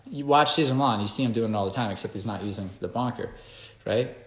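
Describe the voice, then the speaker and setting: A man's voice: lowish voice, quick pace. A man who works as a dog trainer, explaining in a casual, emphatic way and often checking in with "okay?" and "right?". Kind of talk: casual instructional talk. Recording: echoey room.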